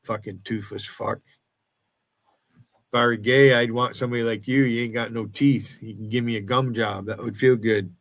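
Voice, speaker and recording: A man's voice: mid-range voice, steady tone, moderate pace, a bit bright, no room sound. A man in his sixties with an American accent, ranting angrily and profanely on his livestream. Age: 60s. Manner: profane and confrontational. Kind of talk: angry livestream rant.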